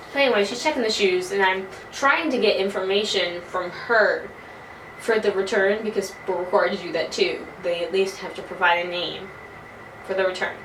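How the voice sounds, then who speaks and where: A young woman in her early twenties telling a casual, animated story, swearing freely as she talks. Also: mid-range voice, normal speed. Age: early 20s. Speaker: vlogger. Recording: roomy, from a distance, faint noise.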